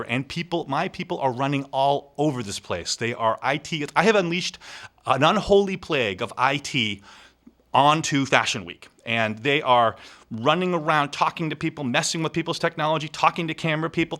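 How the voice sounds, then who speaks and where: A man telling a funny personal story in an animated, wry way. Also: mid-range voice. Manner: animated, wry, acts out quoted voices. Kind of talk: live storytelling.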